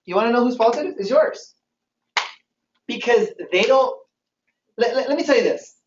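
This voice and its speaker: A man leads a motivational training session, speaking with lively energy and repeatedly quizzing his audience. He is heard from a distance in a roomy hall, and the recording sounds a little dull. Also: extremely high pitch, moderate pace, pauses often, slight background noise. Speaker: sales trainer.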